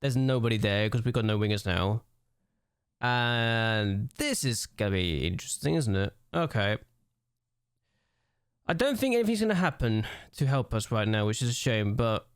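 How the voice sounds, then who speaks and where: A man's voice: mid-range voice, lively intonation, moderate pace, clean tone, no echo, clean studio sound. Exasperated man ranting over gameplay. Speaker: gaming YouTuber. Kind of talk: let's-play gameplay commentary.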